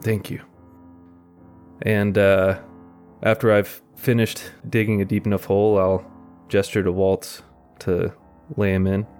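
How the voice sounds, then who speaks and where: A man playing a tabletop game, describing his character's actions in a halting way with many fillers. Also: sits low, flat delivery, a little mellow, soft background music. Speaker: player.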